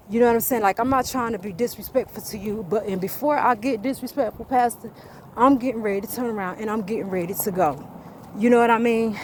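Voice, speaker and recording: A woman's voice: fairly high pitch, brisk, a little hiss or hum. A woman telling a story casually while she walks, blunt and profane, recorded on a phone outdoors. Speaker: vlogger. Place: outdoors, walking by a road and bridge.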